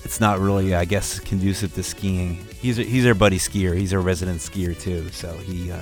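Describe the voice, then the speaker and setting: A man co-hosting an internet radio show in casual, rambling chat, reading out shout-outs and chuckling often. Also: low-pitched, fairly even intonation, normal speed, faint music behind. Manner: laid-back, rambling, chuckles a lot.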